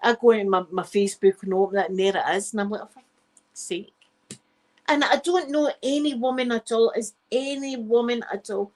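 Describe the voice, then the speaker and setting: A woman's voice: fairly high pitch, brisk, few pauses, a little mellow, low-quality recording. A middle-aged Scottish woman, the channel host, telling a rambling, frank story in a casual live stream and swearing freely.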